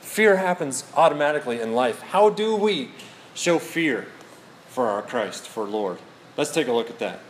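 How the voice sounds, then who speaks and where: A middle-aged man preaching to a congregation, mixing scripture with comic family anecdotes. He speaks at an ordinary pitch, jokes at his own expense, and a faint hum of room noise sits behind his voice. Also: lively intonation, normal speed. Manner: storytelling, self-mocking humor. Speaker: pastor. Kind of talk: sermon.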